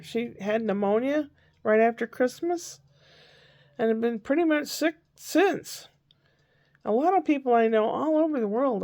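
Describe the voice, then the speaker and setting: A woman's voice: on the high side, a little mellow. An older woman chatting casually in a rambling diary-style vlog, often correcting herself mid-sentence. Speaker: vlogger.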